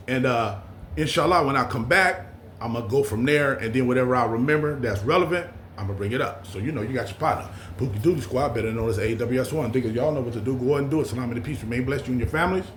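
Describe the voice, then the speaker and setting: An older man telling a rough, profane story from his own life in a casual, animated, streetwise way. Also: medium pitch. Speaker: vlog storyteller. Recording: echoey room with faint background hum.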